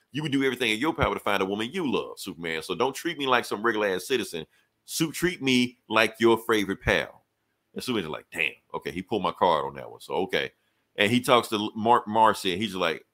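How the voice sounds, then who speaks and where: A young man co-hosts a podcast and breezes through a comic plot, dropping into quick quoted dialogue for each character. His voice sits a little low but sounds bright and forceful. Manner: animated storytelling, casual profanity, quick quoted dialogue. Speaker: podcast co-host reviewing comics. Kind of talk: casual chat, retelling a comic plot.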